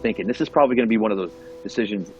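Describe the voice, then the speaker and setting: A man, a podcast guest, telling his recovery story in an earnest, animated way, often checking in with the listener and restarting words. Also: lowish voice, highs cut off, soft background music. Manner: earnest, animated, keeps checking in with "right?" and "you know what I mean?"; repeats and restarts words when going fast. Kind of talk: casual conversational storytelling.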